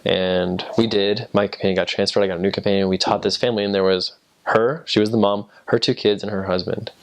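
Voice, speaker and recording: Young american guy rambling through his mission stories, lots of um and like, kinda low voice. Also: fairly even intonation, fast. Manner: rambling, many fillers and restarts. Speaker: returned missionary. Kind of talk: casual storytelling.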